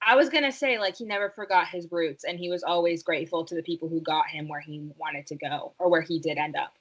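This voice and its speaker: A woman co-hosting a podcast who talks in animated, dramatic casual chat. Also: fairly low pitch, fast talker, highs cut off. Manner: animated, dramatic about fandom. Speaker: podcast co-host.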